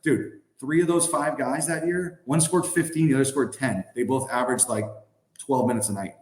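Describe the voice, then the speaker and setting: Brief: man in his thirties, mid-pitched voice, chatty podcast guest storyteller with a loose, filler-heavy delivery. Roomy echo on the recording. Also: moderate pace. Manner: animated, acts out quoted voices, many "like" and "I mean" fillers. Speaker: podcast guest, former hockey player. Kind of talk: casual storytelling.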